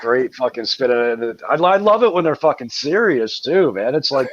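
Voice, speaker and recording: A man's voice: medium pitch, very animated, moderate pace, few pauses, lo-fi sound. Profane guy with a New York accent. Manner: profane, rambling, laughs often. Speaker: band member guest. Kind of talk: casual crude podcast banter.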